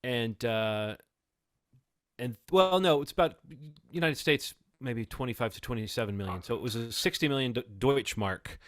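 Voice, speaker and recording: A man's voice: medium pitch, normal speed, dry recording, clean studio sound. A man in his forties chatting thoughtfully as a podcast co-host reviewing a film, often restarting his sentences. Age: 40s. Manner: thoughtful, reflective, many restarts. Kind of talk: casual film review chat.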